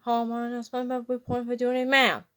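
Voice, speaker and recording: A woman voicing a hyper, eager young male sea sponge in a fan storybook reading, shouting drill-like proclamations. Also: a little high, completely flat delivery, quick pace, close to an everyday voice. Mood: excited.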